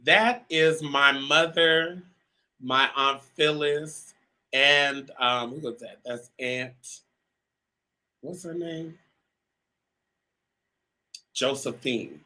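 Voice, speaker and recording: A man's voice: a little high, extremely slow, long pauses, bright, forceful tone, low-quality recording. A man hosting a live talk show, chatting straight to his viewers with lots of ums. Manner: chatty, addresses viewers directly, many um fillers.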